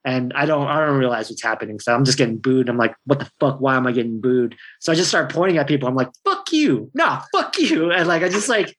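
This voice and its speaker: A man's voice: mid-range voice, quick pace, hardly any pauses, a bit bright. A man in his thirties, a stand-up comedian, telling stories in a rambling, laid-back way, swearing freely and laughing often. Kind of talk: casual chat.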